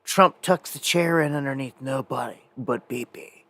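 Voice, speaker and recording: A man's voice: mid-range voice, moderate pace, vocal fry, fairly bright tone. A man hosting a live independent news show, talking in a rambling, conversational way with many fillers and restarts. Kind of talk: casual live news commentary.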